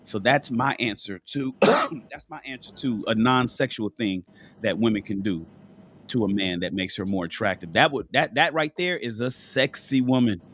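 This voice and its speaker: This panelist on a live call-in show speaks from his bed at home while ill, chatting casually but bluntly, cursing, restarting often, and coughing once. He has a medium pitch, a slightly bright tone, and a normal speed.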